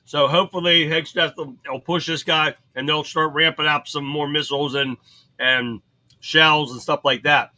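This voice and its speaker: A man's voice: on the high side, fairly even intonation, moderate pace, pushed and bright, poor audio. A man hosting a political livestream, reading headlines aloud and ranting about them in a blunt, profane way, answering viewers as he goes. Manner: reads headlines then comments, chats with viewers. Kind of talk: casual commentary reading headlines.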